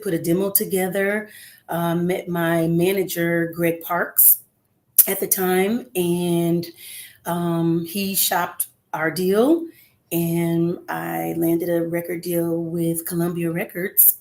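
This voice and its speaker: Middle-aged woman, low-pitched and chatty. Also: darkish tone. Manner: conversational with frequent "um" fillers, earnest and encouraging. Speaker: guest singer. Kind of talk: casual interview. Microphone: remote call.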